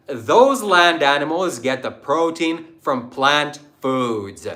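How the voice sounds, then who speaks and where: A man's voice: on the high side, very animated, slow, few pauses, bright, forceful tone. Man, livestream host, combative, mocking, preachy lecturing. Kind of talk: livestream talk answering chat.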